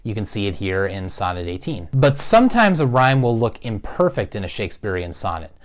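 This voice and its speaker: A man teaching a class, explaining things patiently and clearly and walking through spoken examples. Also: fairly low pitch, big pitch swings, fairly quick. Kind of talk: recorded classroom lesson.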